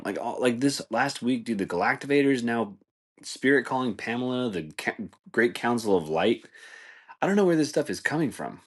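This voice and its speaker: A man's voice: mid-range voice, lively intonation, measured pace. A man hosting a podcast, rambling through a casual comedic monologue and laughing at his own jokes. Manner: rambling, laid-back, says "dude" and "like" a lot, laughs at his own jokes. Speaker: podcast host.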